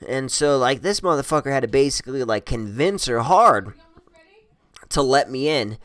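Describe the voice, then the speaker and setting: A man's voice: mid-range voice, very animated, normal speed, a bit bright, no echo, clean studio sound. A man telling a wild personal story in casual, rambling style, swearing constantly and chuckling at himself.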